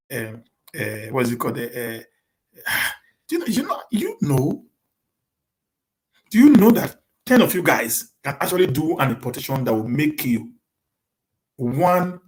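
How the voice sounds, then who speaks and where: A man with a Nigerian accent chats casually with viewers on a live Q&A stream. He drops in Pidgin English, stammers and restarts his words, and rushes ahead on purpose so he does not get stuck. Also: a little high. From Edo State, Nigeria. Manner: talks fast on purpose to avoid getting stuck.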